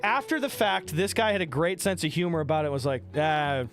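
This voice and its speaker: Music plays under this streamer, who speaks quickly in a high voice. He's a laughing, profane storyteller, loosely and animatedly recounting tales to his chat.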